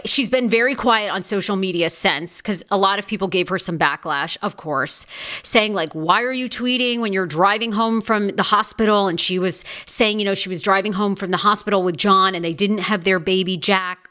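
A woman's voice: mid-range voice, pushed and bright. A woman hosting a live celebrity gossip podcast, chatty and gossipy. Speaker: podcast host.

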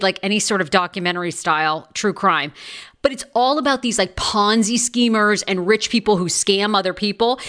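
A woman's voice: medium pitch, a bit bright. A woman hosting a live celebrity gossip podcast, chatty and gossipy. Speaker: podcast host.

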